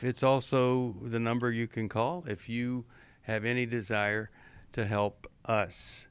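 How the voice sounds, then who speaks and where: A man's voice: mid-range voice, fairly even intonation, a little slow, clean tone. A man hosting a call-in radio talk show, friendly as he steers the conversation and reads out the number to call. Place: radio studio.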